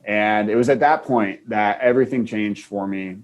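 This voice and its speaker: A man from Wisconsin with a fairly low voice tells a moving personal story as a podcast guest. He speaks earnestly and with feeling. He often stops and restarts his sentences as he goes. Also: moderate pace. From Wisconsin, USA. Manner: earnest and heartfelt, with frequent restarts.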